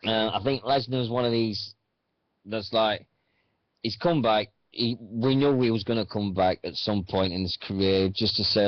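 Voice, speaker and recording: A fairly low-pitched man hosts a radio program, speaking at normal speed as he casually wanders through wrestling talk, hesitant and full of fillers. The sound is dry and dull.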